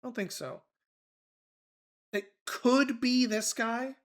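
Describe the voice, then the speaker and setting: A man's voice: very high-pitched, slow, a bit bright. A man streaming a mystery game, thinking aloud in loose, casual commentary with offhand swearing.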